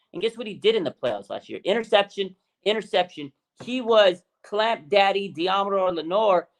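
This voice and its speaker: A man co-hosting a fan show, talking excitedly and repeating names for emphasis, his voice climbing high and loud as he gets worked up. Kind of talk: excited casual sports talk.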